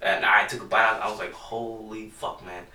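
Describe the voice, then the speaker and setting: Casual podcast guy, bright forceful voice, swears a lot, rambles, set back from the mic. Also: lowish voice, steady tone, fast talker, reverberant, far from the mic. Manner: rambling, profane storytelling with lots of "dude". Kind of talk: casual chat.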